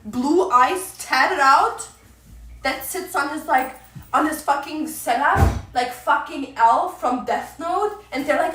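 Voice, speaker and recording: A woman's voice: high voice, takes it slowly, sharp tone. A young woman streamer ranting casually, crude, profane and mocking. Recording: roomy distant mic, faint noise.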